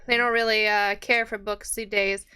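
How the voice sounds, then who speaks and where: A woman's voice: medium pitch, level tone, normal speed, pushed and bright, clean tone, close to an everyday voice. A woman voicing a busy, wary village tailor wife who is anxious to get home to her husband. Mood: chatty.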